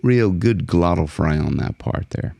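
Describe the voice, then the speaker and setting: A man teaching a singing lesson as a vocal coach, explaining technique in a relaxed way between short sung demonstrations. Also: a little slow, a little hiss or hum. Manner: speaks in a low fry, then jumps high to sing song lines in demonstrations.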